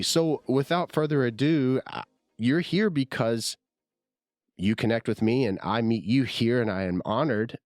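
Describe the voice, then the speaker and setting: A man's voice: mid-range voice, normal speed, darkish tone, soft background music. A man hosting his own podcast, talking in a rambling, chatty, self-deprecating way while his throat is sore from the flu. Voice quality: husky from illness. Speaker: podcast host. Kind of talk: casual solo podcast monologue.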